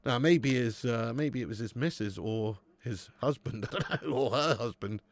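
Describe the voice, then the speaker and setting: On a dry recording, a gravelly man of medium pitch speaks at a normal speed. This late-thirties host of a live football watch-along keeps the banter with viewers relaxed, curses freely, and calls them "mate" and "lad".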